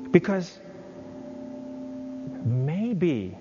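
A man's voice: animated, measured pace, a little mellow. Older male pastor preaching in a hall. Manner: impassioned, acts out prayers with rising pitch. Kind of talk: sermon. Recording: dull reverberant hall with faint noise.

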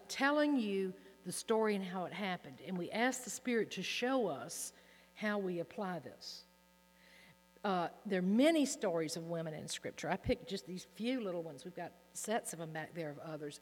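A woman teaching from the Bible in an earnest way, reading passages aloud with emphasis, recorded in a hall with a low mains hum. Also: big pitch swings, moderate pace.

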